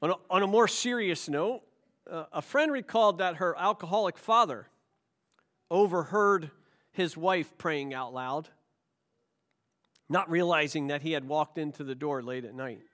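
High-voiced man preaching conversationally. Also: unhurried, a bit bright. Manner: conversational preaching with anecdotes and rhetorical questions. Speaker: pastor. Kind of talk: sermon. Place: church.

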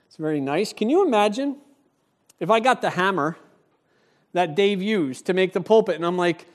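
A male pastor delivers a sermon in a church with a notably high voice. He is animated and conversational, talking directly to the people in the pews rather than reading at them. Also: moderate pace.

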